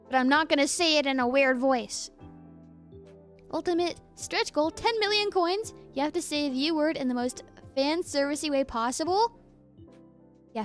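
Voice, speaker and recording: A young adult woman streamer chatting casually with her live chat, playful and laughing often as she reads messages aloud. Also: sits high.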